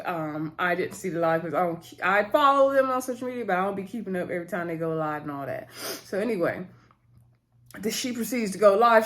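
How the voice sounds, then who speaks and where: A woman giving a casual, chatty recap of a reality show episode, acting out the cast's lines in quick bursts, with lots of fillers. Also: medium pitch. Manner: chatty, retells scenes by voicing the cast, many fillers and laughs. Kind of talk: casual recap with acted-out quotes.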